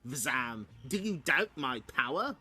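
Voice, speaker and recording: A man's voice: medium pitch, very animated, slow pace, sharp tone, slightly rough, exaggerated voice. A man reading aloud and voicing an arrogant, power-hungry alien god-king from a comic, in a grandiose, commanding way.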